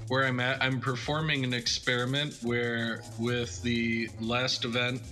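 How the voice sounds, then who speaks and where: A man's voice: mid-range voice, level tone, a little slow, sharp tone, faint music behind. A man co-hosting a casual gaming chat, joking and asking rambling questions. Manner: jokey, self-deprecating, asks long questions. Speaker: co-host.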